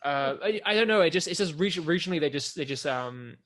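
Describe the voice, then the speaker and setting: A man's voice: on the high side, fast talker. A young man co-hosting a podcast, telling stories in casual chat with plenty of swearing. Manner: animated storyteller, swears casually. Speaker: podcast co-host.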